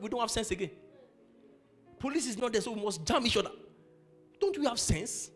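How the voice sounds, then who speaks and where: A man preaching a sermon as pastor of a church, acting out people's quarrels in lively voices. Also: high voice, fairly quick, pauses often, soft background music. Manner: animated preacher acting out quarrels, laughing at his own stories.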